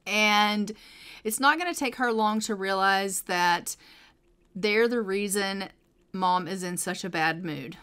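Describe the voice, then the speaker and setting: A woman tells the story of her game playthrough in a relaxed, chatty way, dropping fillers as she goes. Her voice is bright and forceful, with an ordinary middle pitch. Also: takes it slowly, smooth. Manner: casual, with fillers. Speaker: game narrator. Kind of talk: chatty let's play storytelling.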